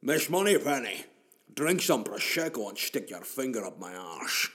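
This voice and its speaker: A man voicing an impression of a suave older male film star, with slow, lisping, slurred speech. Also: very animated, fairly bright tone, exaggerated voice. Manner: slow, low, lisping innuendo. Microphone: podcast microphone.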